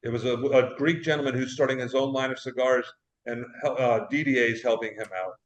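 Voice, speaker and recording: A man's voice: mid-range voice, fairly even intonation, a little fast, echoey room, dull audio. A man, a cigar shop owner, calling in by video, telling a rambling story and repeating himself. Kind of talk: casual chat. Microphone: video call.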